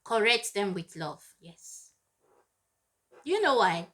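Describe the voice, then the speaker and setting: A woman's voice: medium pitch, big pitch swings, takes it slowly, pushed and bright. A woman giving parenting advice straight to camera, earnest and emphatic, repeating her points for weight. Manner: acts out scolding parents in raised voices. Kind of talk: direct-to-camera advice talk.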